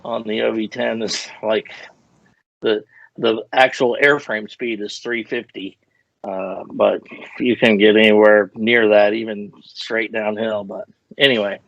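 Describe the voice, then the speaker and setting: A man's voice: on the low side, little pitch movement, measured pace, creaky, dry recording. An older man, a retired fighter pilot, telling stories in a casual interview and wandering off on tangents with self-deprecating humor. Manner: rambling, self-deprecating, digressive. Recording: muffled lo-fi audio.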